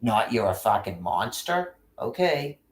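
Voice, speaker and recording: A man's voice: lowish voice, big pitch swings, unhurried. A man ranting angrily and rambling, full of profanity and restarts. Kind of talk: casual rant. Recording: roomy echo.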